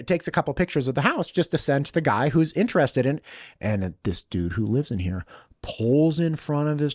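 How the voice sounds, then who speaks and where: A man's voice: mid-range voice, dry recording, clean studio sound. A man hosting a podcast, telling a story casually and acting out the lines of the people in it. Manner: relaxed storyteller, acts out quoted dialogue. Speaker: podcast host. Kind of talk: casual conversation.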